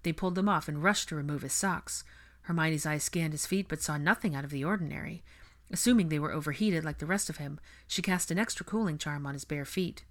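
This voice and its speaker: Woman, audiobook narrator, low pitch, steady storytelling. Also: fairly quick. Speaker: audiobook reader. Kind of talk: fan fiction audiobook narration.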